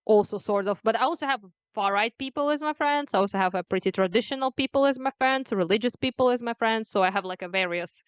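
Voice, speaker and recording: A woman's voice: a little high, fast talker, few pauses, clear, resonant tone, dry recording. Chatty young woman from Ukraine. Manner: chatty, laughs often, many fillers. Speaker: guest. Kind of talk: casual conversation.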